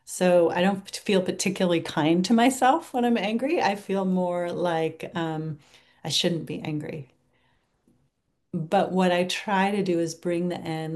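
A woman giving a reflective teaching talk on mindfulness, turning gentle and soft when she models kind self-talk. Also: on the low side, a little slow. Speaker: meditation teacher.

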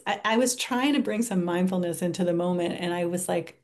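A woman giving a reflective teaching talk on mindfulness, turning gentle and soft when she models kind self-talk. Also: fairly low pitch, a little fast, hardly any pauses. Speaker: meditation teacher.

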